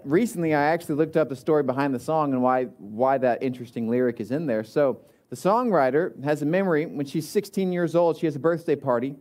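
A male pastor delivering a relaxed, conversational sermon, with frequent fillers and restarts. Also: fairly high pitch.

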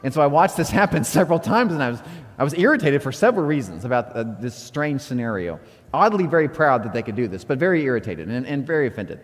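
A man delivers a sermon in an easy, conversational storytelling way, now and then breaking into lively, animated outbursts. His voice sits at an ordinary middle pitch. The sound carries a long reverb, like a church hall. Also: fast talker. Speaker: pastor.

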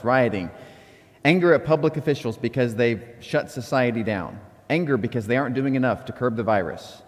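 A middle-aged man, preaching a sermon as a pastor, telling candid, self-deprecating stories with chuckles. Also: medium pitch. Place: church sanctuary. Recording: long reverb of a church hall.

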